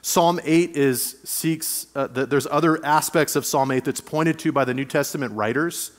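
A man's voice: a little high, moderate pace. A man preaching a sermon as pastor, speaking conversationally and reading scripture aloud. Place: church sanctuary. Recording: long church hall reverb.

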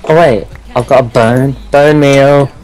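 A man's voice: medium pitch, fairly even intonation, a little slow, darkish tone, rough recording. A young man playing a game with a friend, teasing him dryly and grumbling about dying. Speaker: co-player. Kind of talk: casual gameplay chat.

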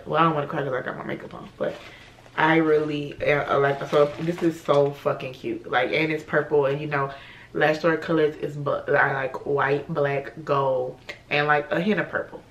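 A woman's voice: sits low, flat delivery, moderate pace, slight background noise. A young woman chatting casually and bluntly in a vlog, swearing freely. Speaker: vlogger.

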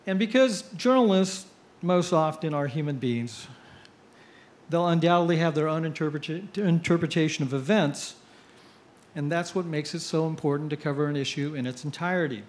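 Man giving a joke-filled speech. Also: fairly high pitch. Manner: storytelling with punchline pauses. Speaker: editorial cartoonist giving a speech. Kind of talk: after-dinner speech with jokes. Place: cruise ship event.

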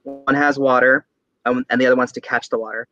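Animated man telling a story. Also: mid-range voice, fairly quick, dry recording, muffled recording, soft background music. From San Diego, California. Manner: animated storyteller, acts out voices, laughs often. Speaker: guest, tarot reader. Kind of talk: casual storytelling interview.

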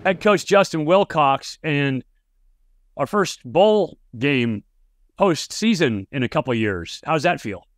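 A man's voice: a little high, takes it slowly, dry recording. A man hosting a sports podcast, chatty and telling stories as he interviews a coach. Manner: chatty storyteller, animated when telling a tale. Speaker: podcast host and analyst. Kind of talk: casual interview with anecdotes.

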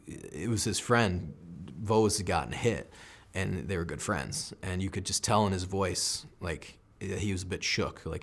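An American man in his thirties, a military veteran, telling an intense first-person combat story in an interview, acting out what people said. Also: low-pitched. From United States. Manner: intense first-person combat recounting, acts out quoted lines.

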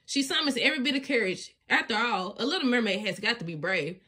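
A woman reading a children's storybook aloud in an expressive, sing-song way, often laughing along. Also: fairly high pitch, quick pace, husky. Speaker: storybook reader.

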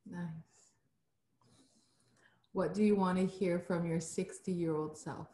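A woman's voice: lowish voice, steady tone, slow pace. Encouraging woman host in echoey room. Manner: warm, encouraging reactions and questions. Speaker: interviewer host. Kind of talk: casual interview conversation.

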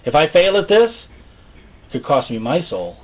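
Husky preacher guy, real lively up and down voice, jokey, sounds like it's coming through a phone. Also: fairly high pitch, normal speed, phone-quality sound. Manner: folksy, jokey preaching with acted-out voices and sudden loud rises. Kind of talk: sermon.

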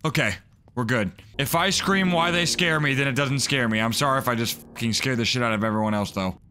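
Bright-voiced young man swearing through a horror game. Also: medium pitch, a little fast, a little hiss or hum. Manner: profane, jumpy, screams at jump scares. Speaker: gaming youtuber. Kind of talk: horror game let's play commentary.

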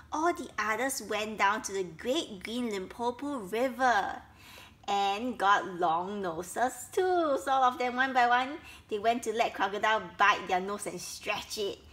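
A woman reads a children's story aloud at a very slow pace, repeating and explaining each step for young listeners. Her voice sits a little high and sounds bright. She talks like a patient storyteller.

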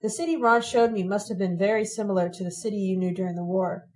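A woman reading a first-person story told in letters, in a steady, plain storytelling manner. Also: mid-range voice, quick pace, poor audio. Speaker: audiobook reader.

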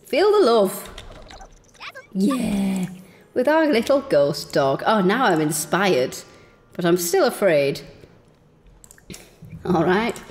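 A young woman streaming a life-sim game, chatting excitedly and talking to her characters as she plays. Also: fairly high pitch. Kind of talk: casual gameplay commentary.

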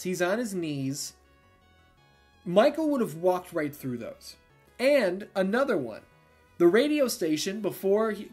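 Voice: medium pitch, a little mellow. Casual film reviewer, blunt and foul-mouthed, recapping plot with heavy filler words.

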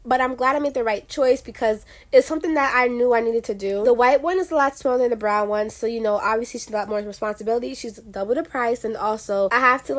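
A teenage girl vlogging in a chatty, gushing way, often saying "like" and "you know". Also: on the high side. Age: late teens. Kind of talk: casual vlog chat.

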